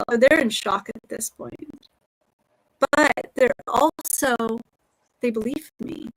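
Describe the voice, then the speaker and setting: A woman's voice: on the high side, slow pace, pauses often, fairly bright tone. A middle-aged woman, a teacher and author, talking earnestly and reflectively as an interview guest.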